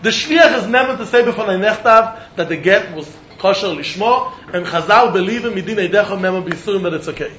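A man teaching a Talmud lesson, animated, often repeating words as he thinks and breaking into laughs. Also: high voice, a little fast, hardly any pauses. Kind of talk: Talmud study lecture. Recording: roomy, muffled recording with faint background noise.

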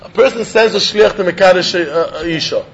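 A man leads a Talmud study lesson in a high voice. He reasons out loud with animated energy, chuckling and stumbling over repeated words. The recording sounds muffled and lo-fi. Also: brisk, gravelly, a little hiss or hum. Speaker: Talmud teacher. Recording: dull lo-fi recording.

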